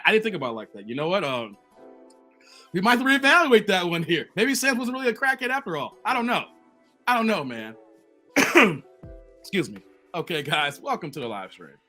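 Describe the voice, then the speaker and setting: Playful high-voiced man on live stream. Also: bright, forceful tone. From Chicago. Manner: playful, laughs often, reads viewer comments aloud. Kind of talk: casual live stream chat.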